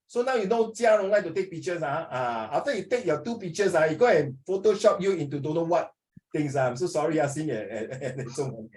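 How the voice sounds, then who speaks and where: A man's voice: a little high, animated, fairly quick, darkish tone. A man with a Singaporean accent teaching a class, joking with his students and quizzing them. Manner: joking, asks students questions, mixes in Mandarin. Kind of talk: classroom lesson.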